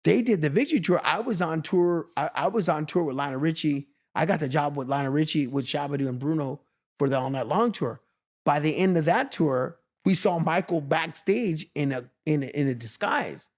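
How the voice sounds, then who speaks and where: A man in his fifties from Los Angeles sits as the guest in a relaxed interview and spins stories with lots of energy. His voice sits a little higher than most men's. He slips into the voices of the people in his tales as he goes. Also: moderate pace. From Los Angeles, USA. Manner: lively, acts out other people's lines in his stories. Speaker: guest, veteran street dancer. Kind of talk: animated storytelling in a casual interview.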